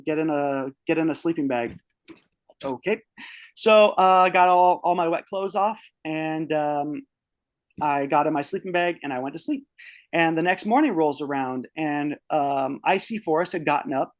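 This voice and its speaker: A young man telling a story from his own life in a casual, profane, animated way. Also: on the high side, no echo. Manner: profane, animated storyteller who shouts out his quoted outbursts. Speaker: podcast guest.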